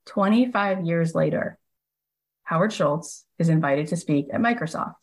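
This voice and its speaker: Low-voiced woman telling a story. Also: measured pace, husky, rough recording. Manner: animated retelling, frequent "like" fillers. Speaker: podcast host and coach. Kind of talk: casual storytelling monologue.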